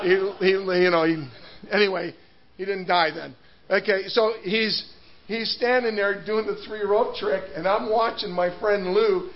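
High voiced guy preaching, chatty storyteller, bit muffled, faint hiss. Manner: animated, laughing storyteller with restarts. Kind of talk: sermon with storytelling. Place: church hall.

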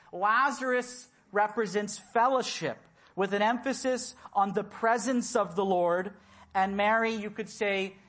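A man delivers a sermon from a church pulpit. He speaks in a measured, deliberate way and returns to his key words again and again to drive them home. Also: sits high, a bit bright. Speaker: preacher.

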